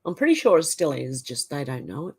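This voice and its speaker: This woman's voice is low, darkish, and slightly rough, with vocal fry, and she speaks briskly and with a great deal of animation. An Australian livestream host, she reads viewer comments aloud and chats back casually in reaction.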